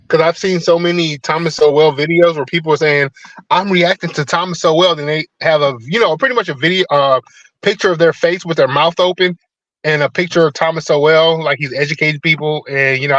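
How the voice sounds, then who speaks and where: A man's voice: fairly high pitch, a bit bright, no room sound, highs cut off. A man speaking as a guest in casual commentary, laid-back and dismissive, swearing freely.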